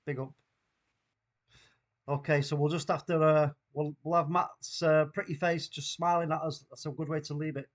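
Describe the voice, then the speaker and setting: A man with a Mancunian accent hosting a live football watchalong, reacting loudly and excitedly to the play. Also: a little high, normal speed. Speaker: watchalong host.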